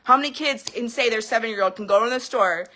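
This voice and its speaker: A woman's voice: fairly high pitch, fast talker, sharp tone. A woman in her thirties ranting to camera in a heated personal vlog, swearing freely and veering between laughter and tears. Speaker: vlogger. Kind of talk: emotional personal rant to camera.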